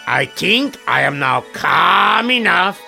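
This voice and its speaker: A man voicing a frantic middle-aged jewelry store owner who stammers and rushes his words in a comedy sketch. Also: sits high, very animated, gravelly, sharp tone, soft background music, full character voice. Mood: strained calm.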